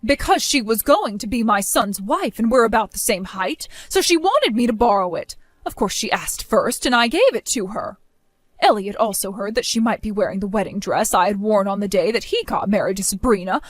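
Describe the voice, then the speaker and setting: A woman's voice: mid-range voice, expressive, moderate pace, no echo, pitched below the performer's own voice, natural voice. A woman voicing a cold, harsh middle-aged mother in an amateur voice drama, talking down with blunt commands. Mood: explaining.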